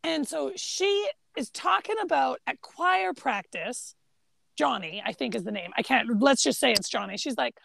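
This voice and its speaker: Animated woman with a high, gravelly voice. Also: normal speed, no room sound. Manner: animated, acts out quoted lines. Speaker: podcast co-host. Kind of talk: casual film discussion.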